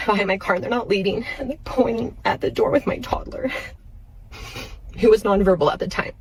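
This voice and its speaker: Young mom creator telling a storytime, slightly low voice, gets emotional. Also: female voice, a little mellow, no echo, low-quality recording. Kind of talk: personal storytime to camera.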